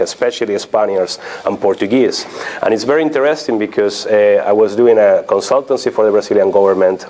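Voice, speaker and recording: A man's voice: lowish voice, darkish tone. A man in his thirties giving a conversational academic lecture, asking the audience questions. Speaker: guest lecturer.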